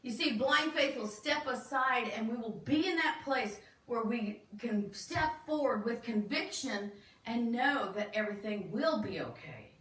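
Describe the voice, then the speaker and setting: A woman with a fairly high voice preaches in a relaxed, conversational way, often turning to ask the congregation questions. She is picked up from some distance in an echoey church room. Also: a little slow. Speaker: minister. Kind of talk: sermon. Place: church sanctuary.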